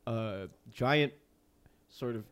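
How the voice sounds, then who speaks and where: A man's voice: medium pitch, extremely slow, a bit bright, clear, resonant tone. A man co-hosting a podcast in casual chat, crude and joking, rambling on a studio mic. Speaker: podcast co-host. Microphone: studio mic with headphones.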